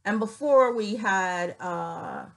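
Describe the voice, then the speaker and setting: A woman vlogging casually, reading figures off her screen with many fillers and pauses, her voice cutting in and out. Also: mid-range voice, creaky, fairly bright tone, rough recording. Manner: reads figures aloud haltingly with many fillers. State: voice cuts in and out.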